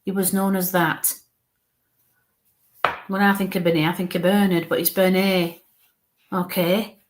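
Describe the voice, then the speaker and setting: A woman medium giving a live spirit reading, talking in halting bits and murmuring soft coaxing asides. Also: lowish voice, flat delivery, noisy background.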